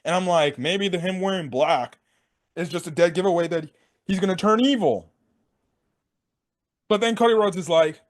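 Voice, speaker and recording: A young man casually recapping a wrestling event for his sports channel, slangy and excitable, laughing and acting out what people said. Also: high voice, moderate pace, long pauses. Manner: excitable, slangy, laughs a lot, acts out quotes. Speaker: sports commentary vlogger.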